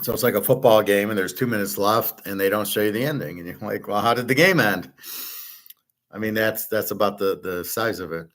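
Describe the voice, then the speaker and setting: A man's voice: lowish voice, steady tone, brisk, hardly any pauses. A man hosting his own show, talking in a blunt, opinionated, rambling monologue full of fillers and restarts. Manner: mimics others in quoted asides. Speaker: host.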